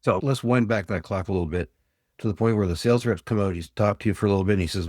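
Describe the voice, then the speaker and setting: Older man from Ontario, low dry voice. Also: fast, darkish tone, no echo. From Ontario, Canada. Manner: plain-spoken, acts out customer anecdotes. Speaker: sales trainer, podcast guest. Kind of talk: storytelling interview talk.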